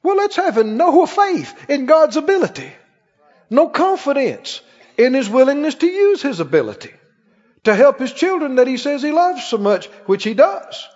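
A middle-aged man preaching a sermon as pastor, emphatic and animated, with sudden exclamations. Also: very high voice, normal speed. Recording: dull recording with long hall reverb.

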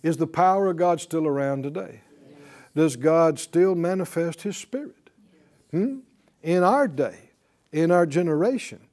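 A man's voice: a little high, animated, unhurried, darkish tone. Guy teaching bible class like a sermon, voice swoops all over, keeps asking the class to answer back. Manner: emphatic, repeats key words, calls for responses. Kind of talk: preaching-style Bible class.

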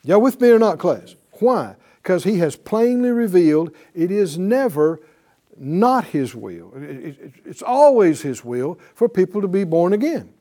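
A middle-aged male Bible teacher preaches to his class at a slow, deliberate pace, his voice sitting high and swinging widely in pitch. He stresses his points with rhetorical questions and repeats phrases for weight. His tone stays mellow and dark. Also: very animated.

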